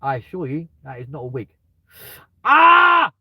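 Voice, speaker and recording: A man's voice: mid-range voice, quick pace, vocal fry, breathy edge, no echo, muffled recording. A British man chatting live from his car, joking and laughing at himself. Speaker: live streamer. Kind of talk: casual live-stream chat. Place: in a car with the window open.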